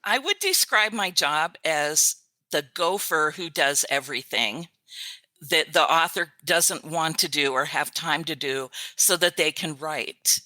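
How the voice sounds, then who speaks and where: An older woman talks in a low-pitched but bright voice, recorded close and dry. She chats easily as a guest and tells her stories with frequent laughter. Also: no room sound. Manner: chatty storyteller, quick to laugh. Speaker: author's virtual assistant, guest. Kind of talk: casual interview chat.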